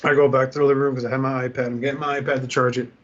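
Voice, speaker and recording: A swearing, lively man from Jersey City spins a long anecdote on a casual podcast, jumping into the voices of the people in his story. His voice sits at an ordinary male pitch. The audio is slightly dull and muffled. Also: rapid-fire. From Jersey City, USA. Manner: profane, animated, acts out quoted dialogue. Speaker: podcast host.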